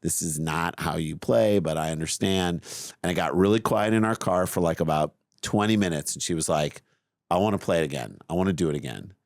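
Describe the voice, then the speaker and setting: Low-voiced man telling a story. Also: a little fast, no echo, studio quality. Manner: animated storyteller, self-mocking. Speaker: podcast co-host. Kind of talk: casual chat, storytelling.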